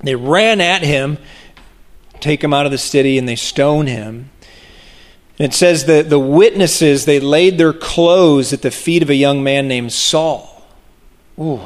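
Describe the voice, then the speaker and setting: A man preaching a sermon, animated and expressive, acting out the voices of people in the story. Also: unhurried. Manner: animated, acts out voices of the crowd with big pitch jumps.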